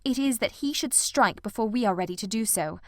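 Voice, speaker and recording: A woman's voice: on the high side, animated, a little fast, dry recording, clean studio sound, lightly acted. A woman reading the part of a cool, commanding male detective in an audiobook, with clipped, authoritative speech. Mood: grave.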